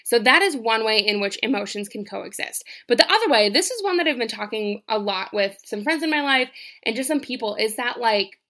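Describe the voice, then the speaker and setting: A woman's voice: fairly high pitch, expressive, fairly quick, a bit bright. A young woman talking straight to her listeners with casual, earnest advice, emphatic and full of swearing and "like". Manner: earnest, emphatic, swears freely, lots of "like" and "right?".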